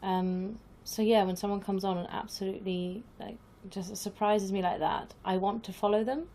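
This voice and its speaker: A woman's voice: mid-range voice, steady tone, moderate pace, dark tone. A woman talking as a guest on an improv podcast, giggly and hesitant, with many fillers. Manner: giggly, laughs often. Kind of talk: casual interview chat.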